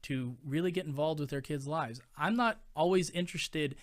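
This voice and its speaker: A podcast host in his thirties with a voice on the high side rants casually at a moderate pace. He's emphatic and exasperated, using many fillers as he gives his opinion.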